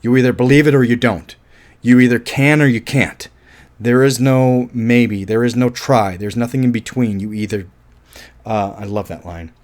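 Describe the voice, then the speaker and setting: A man's voice: medium pitch, normal speed, a little mellow. A man giving a casual, rambling film review, thinking aloud and often restarting his sentences.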